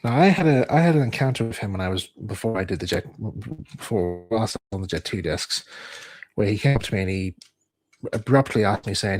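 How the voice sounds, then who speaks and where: A man's voice: fairly low pitch, expressive, a little fast, darkish tone. A man streaming, telling a rambling personal anecdote and acting out other people's lines in a raised voice.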